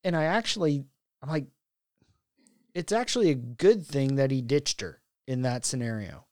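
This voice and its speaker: Chill guy talking, smooth clear voice, dry room. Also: mid-range voice, expressive, normal speed, a little mellow, no echo. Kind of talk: casual chat.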